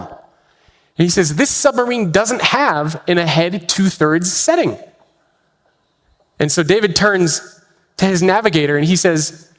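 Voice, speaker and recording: Animated male speaker in a big hall. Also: on the high side, normal speed. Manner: animated storyteller acting out dialogue. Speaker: leadership speaker. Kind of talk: storytelling keynote talk. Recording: reverberant hall.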